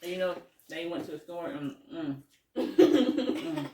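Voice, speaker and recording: A woman's voice: fairly low pitch, lively intonation, a little slow, mellow, distant mic. A woman hosting a family mukbang at home, chatting and laughing between bites. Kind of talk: casual family chat while eating. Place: home dining area. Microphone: phone set at a distance. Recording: echoey room, phone mic away from her, faint noise.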